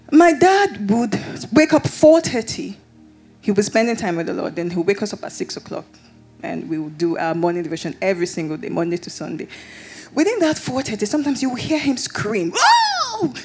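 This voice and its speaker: Lively, husky-voiced woman preaching. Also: medium pitch. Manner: animated storytelling, rising to excited shouts. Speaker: pastor. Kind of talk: sermon.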